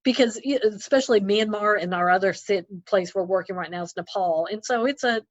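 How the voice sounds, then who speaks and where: A woman guest on a video-call interview, a missionary telling lively stories and acting out her own remarks. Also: medium pitch, brisk, dry recording. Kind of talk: casual interview. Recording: slightly dull lo-fi audio.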